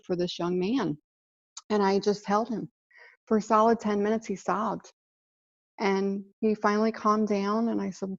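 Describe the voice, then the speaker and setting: Woman giving an earnest low-pitched host's story. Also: gravelly, darkish tone, dry recording. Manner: earnest, heartfelt, speaks of feelings with emotion. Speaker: podcast host. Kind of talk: reflective personal storytelling. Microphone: online call setup. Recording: dull, muffled call audio.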